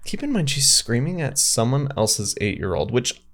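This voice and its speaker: A man's voice: mid-range voice, sing-song, normal speed, fairly bright tone. A man co-hosting a podcast, reacting to a story with amused, chatty remarks. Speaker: podcast co-host. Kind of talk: casual chat.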